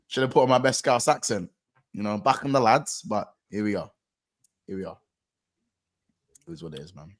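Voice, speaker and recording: A young man chatting casually about football on a podcast, laid-back and slangy, trailing off quietly. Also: lowish voice, animated, brisk, long pauses. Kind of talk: casual chat.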